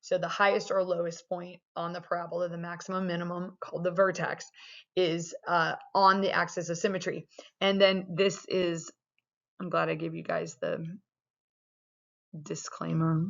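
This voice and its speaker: Young woman math teacher, low-pitched, loose and chatty delivery, muffled recording. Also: flat delivery, normal speed, gravelly. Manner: casual, chatty explaining with many fillers. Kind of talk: recorded video lesson. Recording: dull lo-fi sound.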